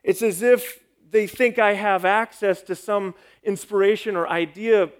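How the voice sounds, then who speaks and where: A man's voice: sits high, steady tone, unhurried, smooth. A man, a pastor, giving an emphatic sermon with a sarcastic edge.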